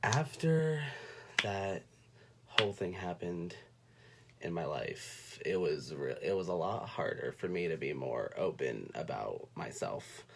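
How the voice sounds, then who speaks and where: A young man from North Carolina telling a personal story on a livestream, speaking in a soft, halting way and fighting back tears. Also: low-pitched, very animated, creaky, a little hiss or hum. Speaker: vlogger. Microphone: phone or webcam.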